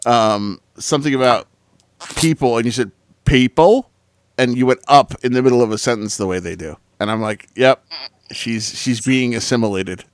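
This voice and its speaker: A man hosting a casual podcast chat, talking in an animated, profane way and laughing loudly. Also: mid-range voice, a little fast, smooth, no echo. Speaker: host, paramedic.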